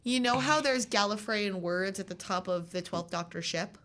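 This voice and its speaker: A young American woman chatting as a guest on a college radio show, rambling and quick to act out quotes. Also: medium pitch, a bit bright. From United States. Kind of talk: casual radio chat. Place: radio studio.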